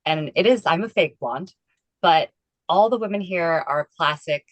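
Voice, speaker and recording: A woman's voice: fairly low pitch, expressive, moderate pace, no echo, muffled recording. A woman chatting casually on a podcast, self-deprecating and talkative. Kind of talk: casual chat.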